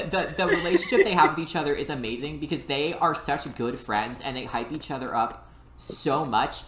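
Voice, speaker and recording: Woman, low voice, expressive storyteller, casual podcast chat, roomy sound. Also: normal speed, a little hiss or hum. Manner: animated storytelling, many "like" fillers.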